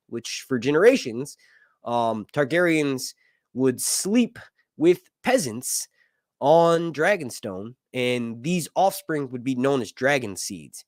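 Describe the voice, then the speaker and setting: Animated opinionated American commentator man. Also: medium pitch, takes it slowly, dry recording, studio quality. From United States. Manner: opinionated, ranting, frequent fillers and tag questions. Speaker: YouTube commentator. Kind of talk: casual rambling commentary.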